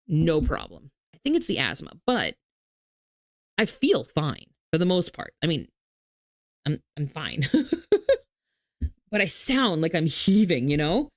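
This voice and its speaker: A woman's voice: medium pitch, dry recording, clean studio sound. A young woman streamer chatting casually with her viewers, laughing often and swearing freely.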